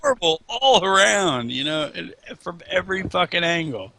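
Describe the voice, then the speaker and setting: A man's voice: high voice, animated, normal speed, creaky, pushed and bright. A man chatting casually over a game, joking and swearing as he rambles. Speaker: host. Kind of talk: casual chat over gameplay.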